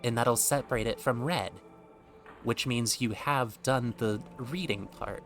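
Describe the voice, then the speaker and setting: A man's voice: mid-range voice, a little slow, soft background music. A young man streaming a game, chatty and self-mocking, with casual commentary.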